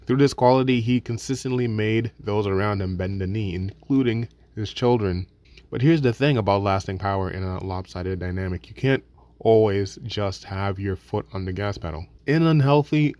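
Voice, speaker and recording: A man with a lowish voice narrating a reflective video essay, recorded dry and close. He talks casually and swears freely, stumbling into restarts and slipping into little acted asides. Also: darkish tone, no room sound.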